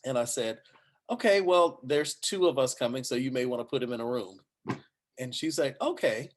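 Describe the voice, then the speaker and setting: A man's voice: mid-range voice, a little fast. A man who is a news anchor, telling a personal story at a panel discussion and acting out the quoted voices. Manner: animated anecdote telling with acted quotes.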